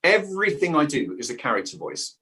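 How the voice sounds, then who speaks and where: A man's voice: fairly high pitch, sing-song, fairly quick, pushed and bright. A man with a South London accent, chatting as an interview guest and actor, talkative but hesitant, restarting sentences often. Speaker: guest, improv actor and voice-over artist. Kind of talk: casual interview chat.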